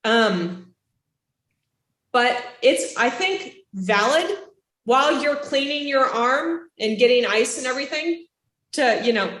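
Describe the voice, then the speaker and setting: A woman instructor giving a casual classroom lecture, lively and chatty, acting out reactions with gasps and little voices. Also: high-pitched, slow pace. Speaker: child development instructor. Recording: roomy classroom echo.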